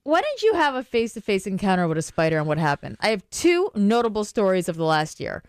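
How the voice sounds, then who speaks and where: A woman's voice: mid-range voice, huge pitch swings, quick pace, dry recording, clean studio sound. A woman in her forties co-hosting a radio show, telling stories in a chatty way and laughing often. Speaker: radio co-host. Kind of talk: casual radio chat.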